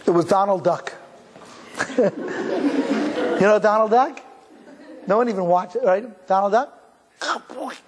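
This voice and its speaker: A man's voice: high voice, unhurried, long pauses, crowd noise, background noise. A man from Cleveland, Ohio, giving a live talk as a rabbi, telling stories conversationally, restarting sentences and chuckling along with the audience. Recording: long hall reverb.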